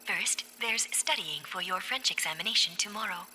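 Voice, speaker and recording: A woman voicing a calm female lab computer in a cartoon, with an even, informative, machine-like delivery. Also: mid-range voice, moderate pace, background noise, close to an everyday voice.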